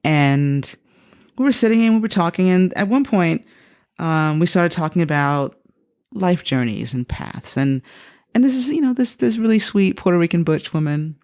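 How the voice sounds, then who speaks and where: A woman in her fifties tells her story to an interviewer, with a voice that swings widely in pitch. There is a gravelly edge underneath. She jumps into the voices of the people she quotes. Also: moderate pace. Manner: animated, acts out quoted speech with big pitch jumps. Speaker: psychotherapist guest.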